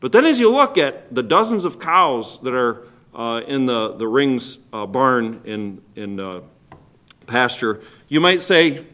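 In a sermon, a pastor with a mid-range male voice asks his congregation rhetorical questions, his delivery shifting between loud stressed words and hushed drops.

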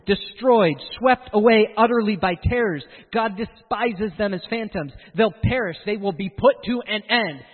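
A man preaching a sermon in an animated way, acting out the voices of the people he quotes. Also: high-pitched, slightly rough, in a large hall, phone-quality sound.

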